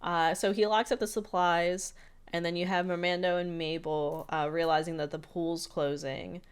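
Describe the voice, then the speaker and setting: A woman's voice: on the low side, flat delivery, normal speed, clear, resonant tone. A woman co-hosting a podcast, chatting casually through an episode recap with lots of "like" fillers. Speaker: podcast co-host.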